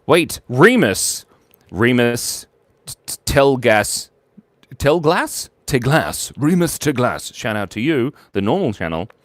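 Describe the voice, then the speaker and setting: A man's voice: sing-song, slow pace, no echo. A man streaming live as he draws viewers' requests, playful and giggly, reading chat messages aloud. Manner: swoops from squeaky highs to low mumbles.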